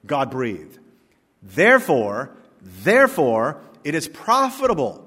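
A male pastor preaching a sermon, emphatic, slowing down to stress key words and swinging from quiet to loud. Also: medium pitch, expressive, long reverb tail.

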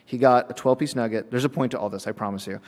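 A man preaching a sermon, telling a personal story in an animated way, acting out voices and laughing often, heard with long hall reverb. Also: mid-range voice, very fast.

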